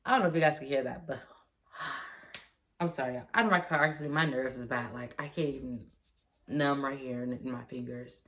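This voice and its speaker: A woman's voice: a bass voice, steady tone, normal speed, a bit bright. A young woman vlogger telling a personal story in a rambling, repetitive way, acting out the dialogue and sometimes dropping to a whisper. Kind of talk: storytime vlog.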